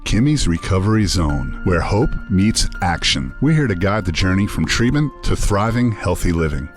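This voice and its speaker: A man with a lowish voice reads a smooth, measured promotional spot. Faint music sits behind him. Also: big pitch swings. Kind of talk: ad voice-over.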